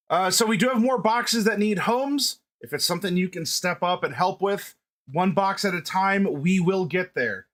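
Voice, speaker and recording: A man's voice: high voice, normal speed, a bit bright. A man hosting a livestream in a playful, chatty way. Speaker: livestream host. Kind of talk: casual livestream chat.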